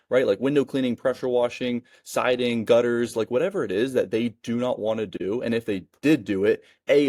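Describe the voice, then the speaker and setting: Young sales coach, casual and quick, tags "right?" on everything, dry close sound. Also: male voice, mid-range voice, darkish tone, dry recording. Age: 20s. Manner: keeps adding "right?", fast and chatty. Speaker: sales coach and business owner. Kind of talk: casual teaching monologue.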